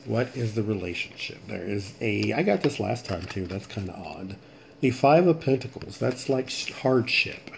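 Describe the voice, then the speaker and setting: A man's low-leaning, expressive, creaky voice carries his casual late-night tarot vlog at a moderate pace, with slight hiss or hum. Tired and stifling yawns, the tarot reader rambles and chats as he thinks aloud.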